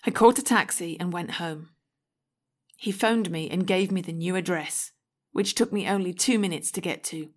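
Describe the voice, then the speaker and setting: A woman narrating a first-person audiobook story in a clear, measured way. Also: lowish voice. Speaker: audiobook reader.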